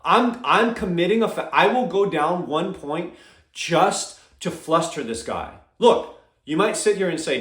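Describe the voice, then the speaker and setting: A man talks through his fight opinions in an emphatic, casual way, tossing in "all right?" and "okay?" again and again. His voice sits somewhat high for a man. The sound has a noticeable echo, as if recorded in a bare room. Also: expressive, a little slow, fairly bright tone. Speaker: MMA commentator.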